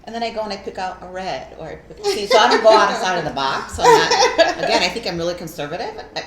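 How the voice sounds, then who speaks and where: A woman's voice: medium pitch, big pitch swings, fast talker, over a noisy crowd. A woman in her forties co-hosting a casual chat, talkative and self-deprecating with easy laughs. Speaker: co-host. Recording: echoey room with faint hiss.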